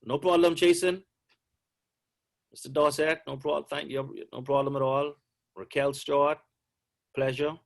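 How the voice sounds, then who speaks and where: A man's voice: a little high, little pitch movement, unhurried, gravelly, long pauses. A middle-aged man, a basketball coach, answering questions on a video call in a chatty, joking way.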